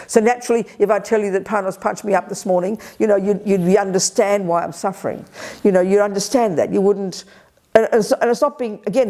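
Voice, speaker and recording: Older woman buddhist teacher, lively and emphatic, mellow warm voice, acts out what people think. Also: on the low side. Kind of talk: retreat teaching talk. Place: retreat center hall.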